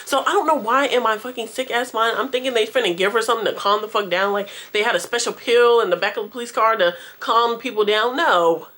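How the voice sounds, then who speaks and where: A woman's voice: fairly high pitch, fast talker, few pauses, a bit bright. A young woman vlogger telling a storytime tale to her viewers in a slangy, profane, chatty way. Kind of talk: casual storytime.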